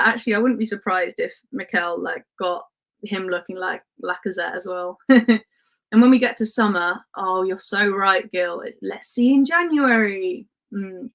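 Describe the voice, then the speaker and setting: A woman raised in Spain, with a medium-pitched and slightly bright voice, hosts a relaxed livestream. She reads out viewer comments in a chatty tone, laughs frequently, and fills her speech with plenty of "um" and "like."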